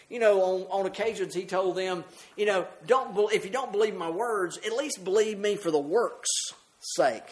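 High-voiced preacher reading and explaining scripture. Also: male voice. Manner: reads scripture aloud and explains it, addresses the congregation; rises in pitch and volume on scripture, drops soft and slow at phrase ends. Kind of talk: sermon.

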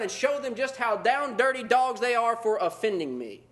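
A man's voice: extremely high pitch, very animated, normal speed, few pauses, fairly bright tone. A man preaching a sermon, moving between plain teaching and mocking put-on voices of self-righteous believers.

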